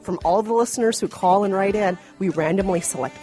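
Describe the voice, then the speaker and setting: A woman's voice: mid-range voice, a little fast, warm tone, faint music behind. A woman from Minnesota with a Minnesotan accent, co-hosting a movie podcast with teasing banter. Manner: teasing, bantering, laughs often. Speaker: podcast co-host. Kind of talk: casual movie review chat.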